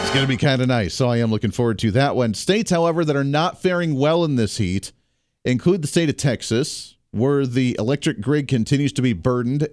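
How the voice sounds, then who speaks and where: A man hosting a radio talk show, delivering a solo monologue with sarcastic, animated banter. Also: mid-range voice, no room sound, studio quality. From Kansas, US.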